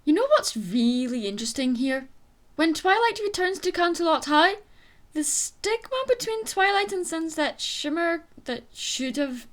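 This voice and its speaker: A young woman reviews a film for her channel, dry and sarcastic in her asides. Her voice sits high and swings widely, bouncing between mock outrage and calm explanation. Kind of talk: comedic video review.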